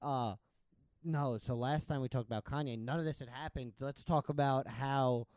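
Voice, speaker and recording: A man hosting a podcast in casual chat, animated and swearing freely. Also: medium pitch, normal speed, smooth, no room sound. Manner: animated, profane, excitable. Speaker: podcast host.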